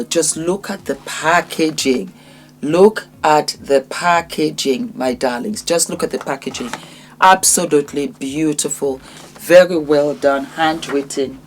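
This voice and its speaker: A woman in her fifties talking warmly and emotionally to her viewers in a casual vlog. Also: very deep voice, slight background noise. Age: 50s. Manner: warm, emotional, grateful. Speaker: vlogger.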